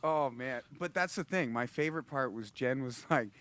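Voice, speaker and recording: A man's voice: mid-range voice, normal speed, fairly bright tone, clean tone. A man hosting a casual livestream, rambling and laughing, restarting his sentences often. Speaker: host and musician.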